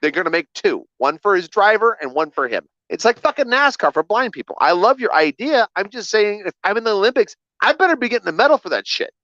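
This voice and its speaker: A man co-hosting a live comedy podcast, riffing loudly with lots of swearing. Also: high voice, very animated, fast, few pauses, no echo, muffled recording. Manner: loud, profane, riffing. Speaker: podcast co-host. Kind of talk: crude comedy banter.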